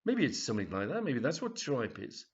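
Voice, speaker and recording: A man voicing Freddy, a polite young lad who mutters to himself in a low voice. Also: huge pitch swings, a little fast. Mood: queasy, puzzled. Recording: dull lo-fi recording.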